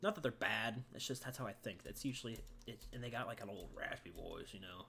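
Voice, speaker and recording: A man's voice: lowish voice, creaky, pushed and bright, a little hiss or hum. A man co-hosting a casual gaming podcast, rambling and swearing freely. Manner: profane, rambling, quick reactions. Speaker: podcast co-host.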